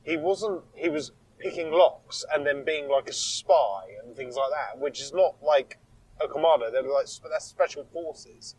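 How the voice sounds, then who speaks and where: A man's voice: a little high, a little slow, a little mellow, slightly rough, rough recording. A man co-hosting a casual podcast, rambling through his opinions with restarts. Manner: rambling, restarts, frequent agreement. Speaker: podcast co-host. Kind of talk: casual chat.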